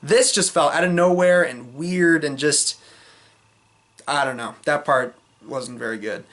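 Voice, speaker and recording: A man's voice: a little high, a little slow, a bit bright. A man giving a casual, rambling film review vlog, full of fillers and restarts, frank and exasperated in his criticism.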